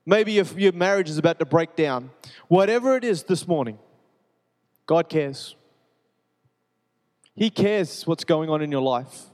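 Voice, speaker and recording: Pastor preaching in a reverberant hall. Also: male voice, a little high, lively intonation, unhurried, long pauses. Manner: earnest, repetitive preaching cadence, shifting between soft and urgent. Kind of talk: sermon with personal testimony. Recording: long reverb of a large hall.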